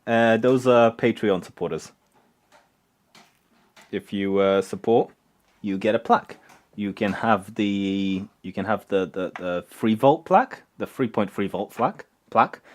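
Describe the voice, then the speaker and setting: A man hosting a casual live stream from his home workshop, rambling and halting with many fillers. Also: on the low side. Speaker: streamer and electronics maker.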